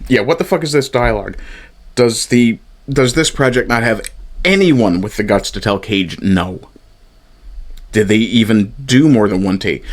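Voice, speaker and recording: A man in his fifties giving a sarcastic, exasperated review, swearing often as he rants. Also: medium pitch. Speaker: TV show reviewer. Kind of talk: ranting review commentary.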